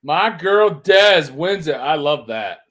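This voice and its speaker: A man hosting a live stream, loud and teasing, quick to laugh and shout. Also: fairly high pitch, expressive. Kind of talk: casual banter on a live stream.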